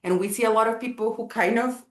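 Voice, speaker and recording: A woman's voice: a little high, fast talker. A woman from Guatemala, giving a casual live talk on Maya wisdom in a chatty way, full of apologetic asides and fillers. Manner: chatty, apologetic asides, frequent "like" and "you know". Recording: roomy echo.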